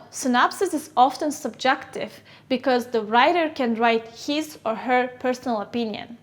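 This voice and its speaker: Woman, English teacher, first language Kyrgyz, high voice, slow deliberate classroom drilling. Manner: slow, clear teacherly drilling with question and answer. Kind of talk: classroom vocabulary lesson.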